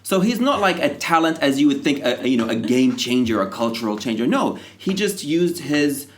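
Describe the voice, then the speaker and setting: A man hosting a podcast, telling a personal story in a casual, animated way and acting out what people said. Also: mid-range voice, fairly quick, a little hiss or hum. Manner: animated anecdotes with acted-out quotes. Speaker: podcast host.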